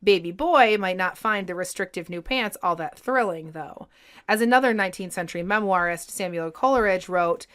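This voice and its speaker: Expressive woman narrating history. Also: fairly low pitch, moderate pace, smooth. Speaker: podcast co-host.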